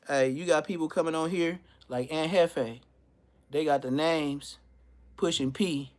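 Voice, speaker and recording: Laid-back man telling stories from the neighborhood. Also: a little high. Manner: loose street slang, animated quoting of others. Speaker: livestream host. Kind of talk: casual storytelling on a livestream.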